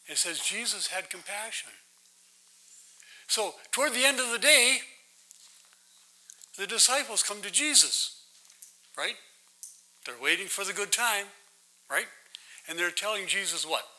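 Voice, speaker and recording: A man teaches scripture as a pastor, drawing his listeners in with questions and a steady stream of "right?". His voice sits high and sounds very bright. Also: a little slow, pauses often, rough recording. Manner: conversational, keeps asking "right?". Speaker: pastor leading a Bible study. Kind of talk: interactive sermon with questions to the audience.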